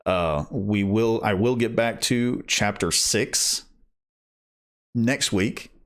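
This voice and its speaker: A man reading an audiobook, talking casually to listeners afterwards in a slow, rambling way that keeps correcting itself. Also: fairly low pitch. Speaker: audiobook reader.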